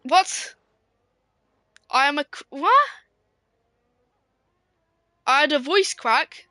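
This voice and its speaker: A woman giving casual, excitable live sim racing commentary, giggling and swearing as she banters. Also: high-pitched, takes it slowly, no room sound.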